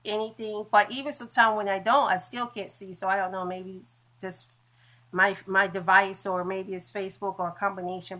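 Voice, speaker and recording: A woman's voice: mid-range voice, a bit bright. A woman talking on a casual phone livestream, in a mid-range voice. She chats along loosely and trips over long medical terms now and then. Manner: chatty, stumbles over medical words. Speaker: livestream host.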